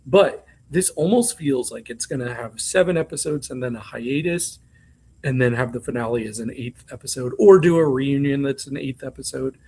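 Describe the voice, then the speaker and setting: Husky-voiced man chatting casually. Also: a little high, darkish tone. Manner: chatty, candid, with frequent ums and asides. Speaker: podcast co-host. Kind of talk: casual chat recapping reality TV.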